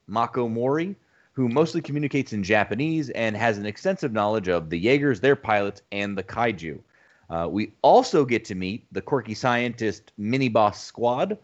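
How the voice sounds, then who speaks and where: A man hosting a casual podcast, recapping a film plot in a steady, rambling way with fillers. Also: on the low side, dull audio. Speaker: podcast host.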